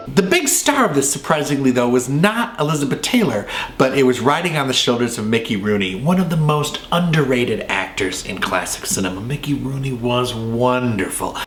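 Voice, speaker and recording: A man's voice: mid-range voice, expressive, moderate pace, few pauses, a bit bright. A male host giving casual, enthusiastic film commentary with rambling asides. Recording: roomy echo, faint ambience.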